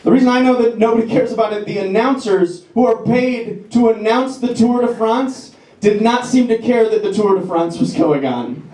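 This comic's voice is very high-pitched yet dark in tone. He works a comedy club crowd with wry, self-deprecating material and rapid character voices, and the echoey room is filled with audience laughter.

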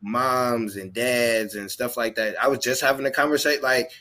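A man's voice: mid-range voice, fairly even intonation, moderate pace, bright, forceful tone, a little hiss or hum. A man hosting a podcast over a video call, chatting casually with playful, slangy banter. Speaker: podcast host. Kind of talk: casual chat.

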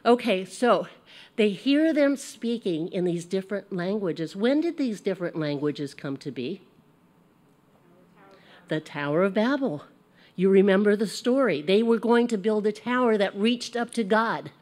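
An American woman teaching a casual Bible lesson, chatty and animated, laughing at herself as she goes. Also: medium pitch, normal speed.

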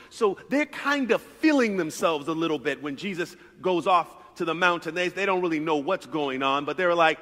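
A male pastor preaching a sermon in a conversational, animated way, often repeating words as he builds his points. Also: on the high side. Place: church sanctuary. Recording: reverberant church hall.

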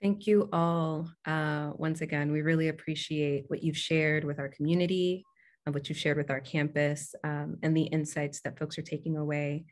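A woman's voice: low-pitched, level tone, moderate pace. A woman hosting a campus event series, closing it with friendly thanks and announcements. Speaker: event host.

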